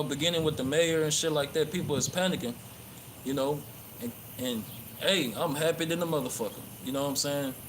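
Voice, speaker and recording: A man preaching casually while walking through a park by a pond, rambling and profane, with many fillers and restarts. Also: fairly high pitch. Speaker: religious livestreamer. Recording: clear outdoor background noise.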